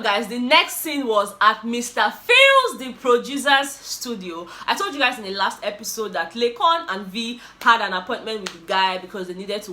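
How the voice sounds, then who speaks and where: A Nigerian woman with a bright, forward voice and a Nigerian accent hosts a casual recap vlog. She tells the story animatedly, exclaiming often and mixing Pidgin into her English. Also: mid-range voice, slight background noise. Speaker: YouTuber host.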